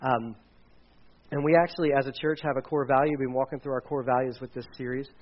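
A man's voice: medium pitch, steady tone, fast, muffled recording. A man in his forties, a pastor preaching a casual sermon with dad jokes and frequent fillers. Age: 40s.

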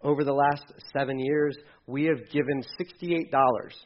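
A man preaching a sermon as pastor, animated, acting out quoted voices and swinging between loud and hushed. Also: mid-range voice, normal speed, muffled recording.

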